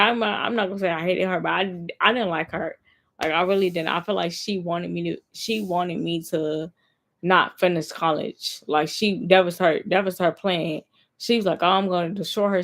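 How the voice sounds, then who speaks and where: A young woman chats straight to her camera in a loose, rambling story-time vlog. Her voice sits a little low, and she leans on emphatic repeats and filler words as she tells it. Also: vocal fry. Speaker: vlogger.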